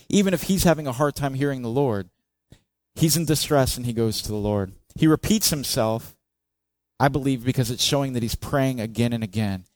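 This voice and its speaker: A male pastor with a medium-pitched voice preaches a sermon conversationally, recorded with no echo. He puts questions to the congregation and expressively acts out the psalmist's cries in a raised voice.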